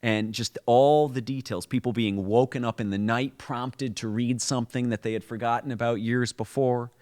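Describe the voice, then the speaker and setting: A man's voice: mid-range voice, fairly even intonation, normal speed, a little mellow. A man co-hosting a podcast, explaining a holiday story in a conversational, storytelling way with frequent restarts. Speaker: podcast co-host.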